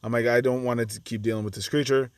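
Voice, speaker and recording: A man's voice: medium pitch, steady tone, fast talker, clear, resonant tone, dry recording. A man giving casual, chatty commentary over his own card game match, acting out his reactions to his opponent's moves. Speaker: gaming channel host.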